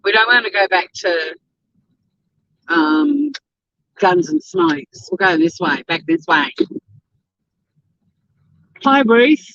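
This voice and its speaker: A woman's voice: medium pitch, lively intonation, takes it slowly, long pauses, a bit bright, no echo, lo-fi sound. An Australian woman from Tasmania chatting casually and swearing freely while she drives and answers a live chat. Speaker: livestream host. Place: in a car, driving.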